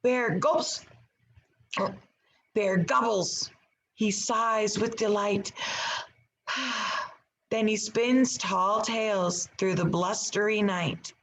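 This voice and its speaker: A woman teacher reading a picture book aloud to her class, with expressive storybook delivery. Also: medium pitch, takes it slowly, slight background noise, rough recording.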